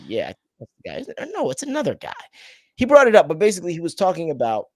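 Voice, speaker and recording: A man's voice: high-pitched, huge pitch swings, fast, darkish tone, no room sound, studio quality. A man hosting a casual podcast chat, rambling and trailing off as he searches for names. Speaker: podcast host.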